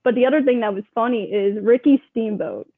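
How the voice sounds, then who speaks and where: A young woman with a high, bright-pitched voice tells stories in an animated rush, peppering every sentence with "like." She sounds thin and tinny, as if she is coming through a phone-line call. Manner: animated, rapid storyteller, full of "like". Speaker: guest. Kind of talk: casual interview storytelling.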